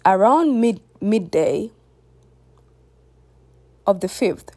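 A woman's voice: medium pitch, expressive, very slow, dark tone, dry recording. A young woman telling a personal story to her viewers in a candid, reflective way. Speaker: vlogger. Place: home near a busy road.

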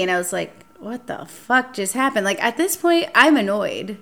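A young woman hosting a casual podcast chat, telling a dating story with lively acted-out quotes and frequent swearing. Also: fairly high pitch, moderate pace, vocal fry. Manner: animated, acts out quotes, swears freely. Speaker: podcast host.

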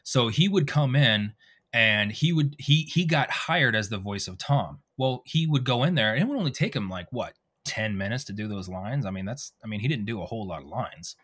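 A man, a voice actor, telling animated stories in a casual interview and acting out quoted dialogue. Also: fairly low pitch, normal speed, breathy edge. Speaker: voice actor guest.

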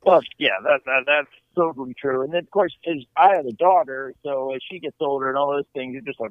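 A man's voice: mid-range voice, a little fast, hardly any pauses, no echo. A middle-aged man, a comedian, telling a story casually and acting out the people in it. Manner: animated, acts out quotes in character voices. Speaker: comedian guest. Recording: tinny phone-like line, dry.

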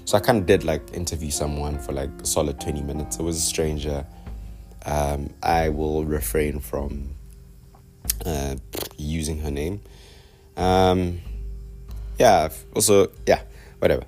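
Young man, South African accent, deep low voice, casual self-mocking solo podcast ramble, faint background music. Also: fairly even intonation, measured pace, long pauses, a little mellow. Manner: loose, self-mocking, digressive, with many fillers. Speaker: podcast host. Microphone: podcast microphone.

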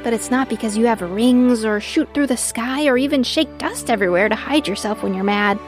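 A woman's voice: on the high side, fairly quick, faint music behind, lightly acted. A woman doing a cheerful astronaut mom. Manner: bright, encouraging and expressive.

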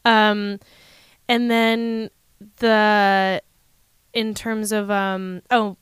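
A woman's voice: mid-range voice, little pitch movement, very slow, clean tone, no echo, studio quality. A woman in casual conversation, candidly telling a personal story and laughing often. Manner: candid, laughs often, quotes people in voices.

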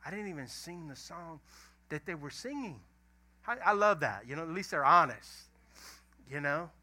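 A middle-aged pastor, preaching a sermon in a folksy storytelling way that swings from loud emphasis to a hushed near-whisper. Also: male voice, a little high, animated, normal speed.

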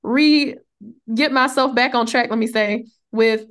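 A woman with a somewhat high voice co-hosts a faith podcast. She talks earnestly and casually, acting out little quoted prayers and conversations as she goes. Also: unhurried, fairly bright tone. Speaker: podcast co-host.

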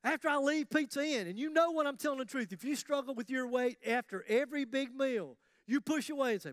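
Pastor guy preaching, high voice, jokey and chatty, dry close sound. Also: brisk, few pauses, no room sound. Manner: animated, joking, conversational preaching. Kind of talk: sermon.

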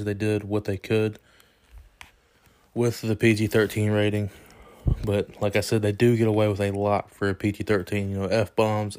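A young man talks through a movie review in a loose, rambling way, restarting sentences and leaning on "you know." His voice sits low and stays fairly even in pitch, even when he gets excited. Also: smooth. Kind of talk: casual spoken movie review.

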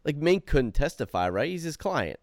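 A man's voice: on the high side, big pitch swings, normal speed, no room sound, studio quality. A man co-hosting a casual podcast, asking questions and giving opinions on a TV episode while swearing casually. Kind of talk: casual chat discussing a TV episode.

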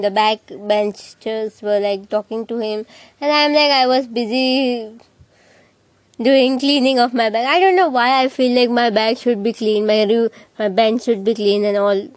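A woman's voice: fairly high pitch, no room sound, poor audio. A young woman with an Indian English accent, telling a school story to her channel in a chatty, rambling, self-mocking way. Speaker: vlogger. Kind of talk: casual storytelling to camera.

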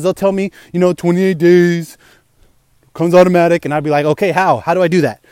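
A man's voice: sits high, a little mellow, no echo. A young man talking as a fitness vlogger in a rambling, slangy way, full of "you know" and "bro". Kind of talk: casual chat.

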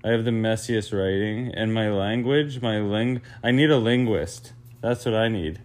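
A man's voice: fairly low pitch, normal speed, darkish tone. A young man hosting his own podcast, rambling casually, interrupting himself and swearing freely. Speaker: podcast host. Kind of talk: rambling solo podcast monologue.

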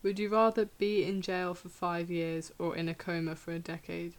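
A woman with a lowish voice leading a casual chat among friends. She puts questions to the others and laughs easily along the way. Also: little pitch movement, moderate pace. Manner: laughs often, asks questions. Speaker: podcast host asking questions.

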